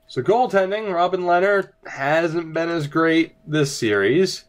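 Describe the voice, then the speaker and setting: A young man commentating his own hockey video game at home, in a casual let's-play way. His voice sits a little high for a man, and he mostly stays deadpan and understated, until a bad moment pushes him into a sudden spike of disbelief. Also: a little slow. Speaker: gaming commentator. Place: home room early in the morning.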